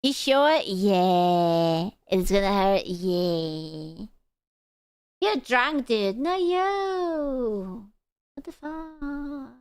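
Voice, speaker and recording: Brief: streamer woman, crisp and dry, crude teasing banter. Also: mid-range voice, dry recording. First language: Hungarian. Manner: crude, teasing, swears freely. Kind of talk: casual stream chat.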